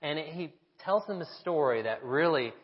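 A pastor delivering a sermon, telling stories and asking the congregation rhetorical questions. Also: male voice, a little high, expressive, moderate pace. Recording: echoey hall, dull lo-fi sound.

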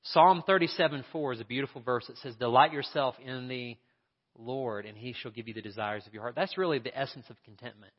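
A man's voice: medium pitch, brisk. A man preaching a sermon in an earnest, conversational way, asking his listeners questions as a pastor. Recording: dull sound with long hall reverb.

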